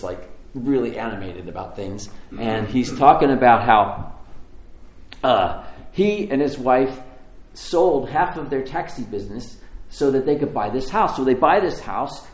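A man's voice: medium pitch, a little mellow, reverberant, rough recording. A man telling a sermon story. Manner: conversational, halting, many restarts.

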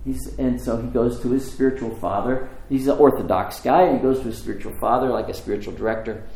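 A man tells a sermon story in a loose, conversational way, often restarting his sentences. His voice sits at an everyday middle pitch. The sound rings in an echoey room. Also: vocal fry, mellow. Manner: conversational, halting, many restarts.

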